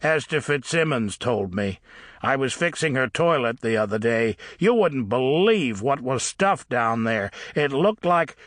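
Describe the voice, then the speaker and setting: A man's voice: mid-range voice, lively intonation, unhurried, a bit bright, no echo, studio quality. A man doing a blunt, gossipy repairman. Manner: blunt and emphatic. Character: blunt uncouth middle-aged repairman, gossipy.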